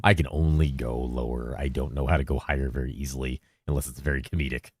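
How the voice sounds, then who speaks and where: A man streaming games, chatting loosely with his viewers in a deep, bassy voice. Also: fairly even intonation, quick pace, darkish tone, slightly rough, dry recording. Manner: rambling and loose, with bursts of laughter. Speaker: game streamer. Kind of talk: casual livestream chat answering viewers. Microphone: streaming mic through a mixer.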